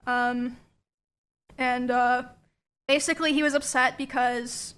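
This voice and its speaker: A woman's voice: high voice, steady tone, a bit bright, clean tone. Candid young woman telling her story. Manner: candid and halting, with frequent fillers. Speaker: streamer. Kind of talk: personal storytelling.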